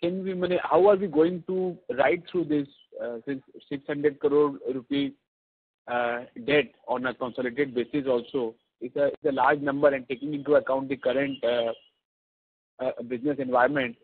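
Male investor caller, hesitant and searching, slightly husky, tinny phone line. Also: medium pitch, steady tone, normal speed, no echo. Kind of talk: earnings call question.

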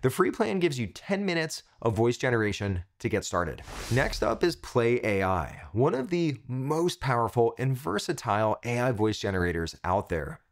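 A man's voice: mid-range voice, sing-song, moderate pace, few pauses. A man hosting a tech tutorial, giving an upbeat scripted product review in punchy short phrases.

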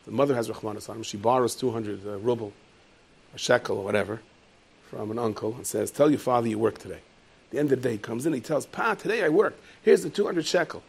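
A man giving a lively Torah lecture as a rabbi, jumping into high, loud voices when he tells stories. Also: quick pace, gravelly, husky. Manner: lively storyteller, leaps into high shouted voices for characters. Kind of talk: animated Torah lecture with storytelling.

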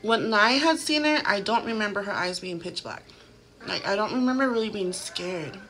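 A chatty woman vlogger in her thirties recounts a haunting straight to her phone camera, leaning hard on filler words as she goes. Her voice sits at an ordinary middle pitch. A faint hum of room noise runs underneath. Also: expressive, moderate pace, fairly bright tone. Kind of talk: casual storytelling to camera.

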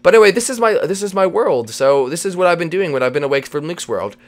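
A man's voice: a little high, expressive, fast talker. Guy hosting a minecraft roleplay, kinda bumbling, lots of uh's. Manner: bumbling, hesitant, stammers with "uh". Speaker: host and Minecraft role-player. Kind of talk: Minecraft role-play.

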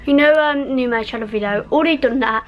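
Female vlogger, UK, casual rambling chat, slightly high pitch, faint noise. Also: quick pace, poor audio. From United Kingdom. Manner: rambling, lots of fillers and trailing off. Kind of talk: casual vlog talk. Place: home bedroom, indoors.

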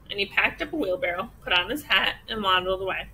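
A woman teacher reading a children's picture book aloud with expressive storytelling. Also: on the low side, brisk, few pauses, slight background noise, rough recording.

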